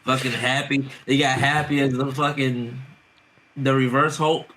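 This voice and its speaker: Male co-host, mid-pitch voice, relaxed and jokey. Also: measured pace. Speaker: podcast co-host. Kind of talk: casual show recap chat.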